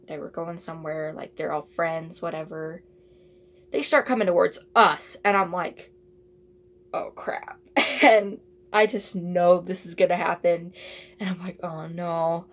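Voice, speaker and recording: A teenage girl telling a casual storytime, rambling and chatty with lots of asides and fillers. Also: on the low side. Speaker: vlogger.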